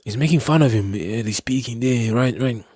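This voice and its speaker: A young South African man tells a casual story, wandering off track and restarting his sentences, laughing often. His voice is husky and a little breathy, in a mid range. The recording is dry and close. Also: medium pitch, normal speed, darkish tone, dry recording. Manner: rambling, laughing, many restarts. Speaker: podcast host.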